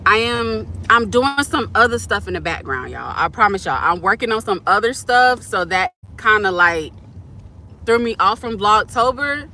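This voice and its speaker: Bright-voiced woman chatting on a live stream. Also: mid-range voice, sing-song, normal speed, slight background noise. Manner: chatty, reads and answers comments. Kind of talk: casual live-stream chat. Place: parked car at a curbside pickup.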